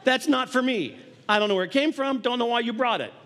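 A man's voice: extremely high pitch, a little fast, a bit bright, a faint crowd. A man preaching a sermon in a conversational way, acting out little scenes and laughing along the way. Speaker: pastor.

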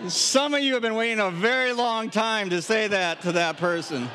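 A middle-aged man from Wisconsin preaching a sermon in an animated, humorous way, with acted asides. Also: high voice, normal speed, crowd noise. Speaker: pastor. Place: camp gathering hall.

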